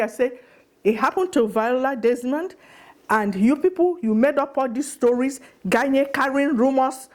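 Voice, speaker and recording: A middle-aged woman delivers an impassioned address directly to the camera in a high voice. She sounds indignant and accusing, pleading at times, and repeats her lines to drive each point home. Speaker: vlogger.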